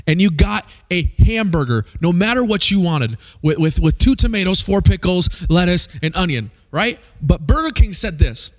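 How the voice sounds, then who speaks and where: A young man from Missouri preaching a sermon, animated and peppering the crowd with rhetorical questions. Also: sits high, moderate pace, hardly any pauses. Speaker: pastor.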